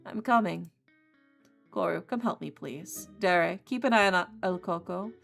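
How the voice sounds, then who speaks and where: A woman's voice: on the low side, a little slow, creaky, fairly bright tone, soft background music. A woman voicing a weary, fretting professor. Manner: scolding and tired. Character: weary, fretful professor caring for creatures.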